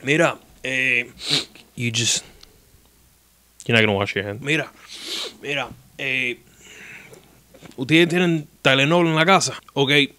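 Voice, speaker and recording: A man voicing an old male Cuban family doctor with a Cuban Spanish accent, who mumbles his words in a low, quiet, offhand way. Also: a little slow, pauses often, no room sound. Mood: indifferent.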